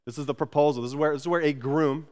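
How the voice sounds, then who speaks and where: Talking fast in a fairly high male voice, a pastor preaches with energy and a conversational feel. He repeats words often and swings between booming emphasis and soft, tender stretches.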